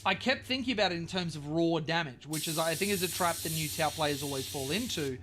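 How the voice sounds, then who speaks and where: Australian streamer, male, higher-pitched, chatty and profane. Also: animated, brisk, over music. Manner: rambling and profane, with bursts of silly wordplay. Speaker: streamer painting miniatures. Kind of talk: casual live-stream chat.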